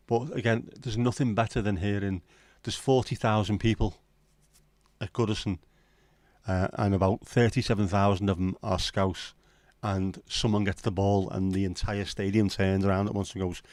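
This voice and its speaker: A man's voice: on the low side, steady tone, moderate pace, darkish tone, no room sound. A middle-aged man hosting a casual late-night livestream, rambling and swearing as he bants with his chat from home. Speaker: livestream host.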